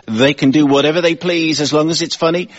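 A man hosting a comedy panel show, briskly announcing scores and turns. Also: a little high, fairly even intonation. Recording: dull lo-fi with audience noise.

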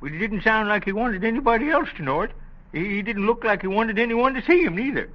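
Shrewd old postmaster. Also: male voice, high voice, animated, quick pace. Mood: confiding. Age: older. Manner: folksy rural grammar, chuckling. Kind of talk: 1940s radio acting. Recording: dull old radio recording.

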